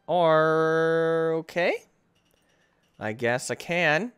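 A young man talks through a video game at a casual clip. His voice rides a wide, animated pitch range. When he fails he jumps into sudden high yelps, and he slides back into self-mocking grumbles between attempts. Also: slow, smooth. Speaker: gaming channel host. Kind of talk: playthrough commentary.

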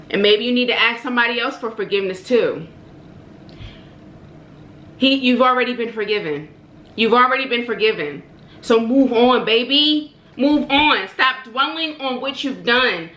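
A fairly high-voiced woman talks straight to her viewers in an impassioned, preacherly way, circling back to the same phrases again and again and calling them baby and honey. Her tone is bright and forceful, and the room around her rings with echo. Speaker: mukbang vlogger. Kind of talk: heartfelt direct-to-camera encouragement.

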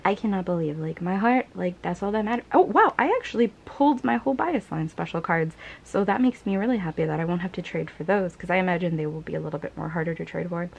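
A woman's voice: fairly low pitch, creaky. Gushing woman unboxing fan merch. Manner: gushing, breathless, swings to soft whispers and laughs. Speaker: vlogger. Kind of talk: casual unboxing chat.

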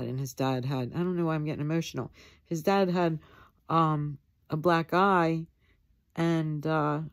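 A woman telling her family's history in a casual talk, rambling and halting, with many pauses and fillers. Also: extremely low pitch, dark tone.

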